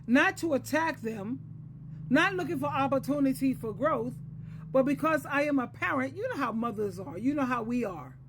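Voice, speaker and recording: A woman in her sixties with a high voice gives a solo advice monologue as a Christian counselor. She lectures earnestly and circles back to repeat key phrases for emphasis. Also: a little hiss or hum. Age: 60s.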